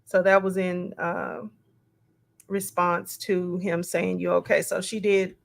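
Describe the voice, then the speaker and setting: A woman slowly reads text messages aloud and comments on them in a casual, musing way, adding asides as she quotes them. Her voice is lowish and creaky, with a flat delivery.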